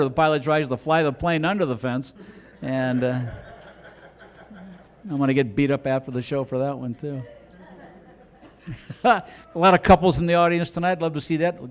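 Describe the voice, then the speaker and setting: On a comedy club stage, a man with a voice a touch high for a man does stand-up. His storytelling is rambling and animated as he banters with the crowd, and every so often he bursts into loud, exaggerated put-on voices for his bits.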